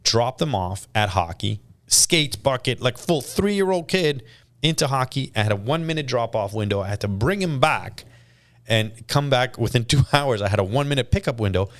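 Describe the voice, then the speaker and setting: A man's voice: medium pitch, moderate pace. A man in his thirties from Canada, a podcast guest telling stories in casual chat and acting out quotes. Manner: animated storytelling, acts out quotes.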